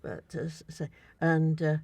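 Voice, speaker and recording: A woman's voice: low-pitched, completely flat delivery, measured pace, warm tone, no room sound. An older woman, a podcast guest, tells a travel story in a rambling, hesitant way, full of restarts and fillers. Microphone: studio mic.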